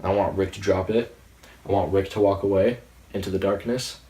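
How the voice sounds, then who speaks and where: A man in his late teens giving a casual, excitable, rambling review of a TV episode. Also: low voice, brisk. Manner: excitable, rambling, with frequent restarts. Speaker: movie reviewer. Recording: roomy sound, distant from the mic.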